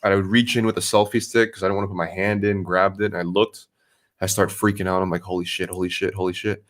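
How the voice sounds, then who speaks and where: Man, somewhat low voice, live streamer, excitable, swearing, casual storytelling. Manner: excitable, swearing, quick retelling.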